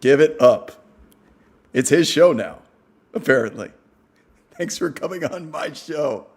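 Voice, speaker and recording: A man's voice: on the high side, animated, measured pace. A man hosting a podcast, introducing a caller with wry asides. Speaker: host.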